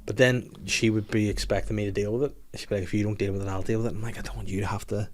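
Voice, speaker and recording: A man's voice: on the low side, level tone, rapid-fire. A middle-aged man hosting a podcast, telling a rambling, jokey story in casual chat and acting out the voices of people he quotes. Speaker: podcast host.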